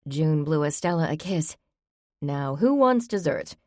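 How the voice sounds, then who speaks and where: A woman narrates a story in a low voice with a light, wry touch. The recording is dry and close, with no room sound. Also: expressive, unhurried, darkish tone, dry recording. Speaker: audiobook narrator. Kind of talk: scripted narration.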